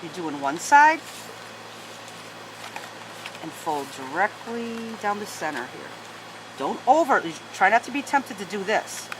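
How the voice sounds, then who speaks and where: At home, a woman teaches paper folding one careful step at a time, breaking off now and then to talk to her dogs. She speaks slowly in a mid-range voice with big swings in pitch and long pauses, and there's background noise.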